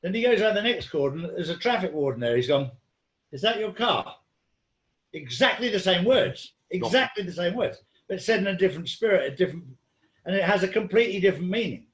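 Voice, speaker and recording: A man's voice: sits high, lively intonation, fast, reverberant. A man in casual conversation, telling rambling stories with lots of ums and restarts. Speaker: guest.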